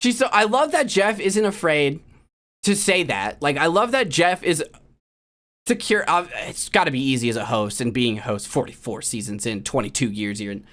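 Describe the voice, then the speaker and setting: A streamer chatting casually and at length, rambling with many fillers and sudden loud, animated impressions. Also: mid-range voice, moderate pace. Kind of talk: casual chat.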